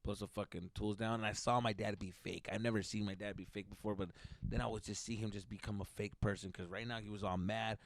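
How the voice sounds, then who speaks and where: A man hosting a comedy podcast, ranting heatedly with constant swearing, swinging between loud outbursts and mutters. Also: lowish voice, steady tone, quick pace, gravelly, dry recording. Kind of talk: profane comedic rant.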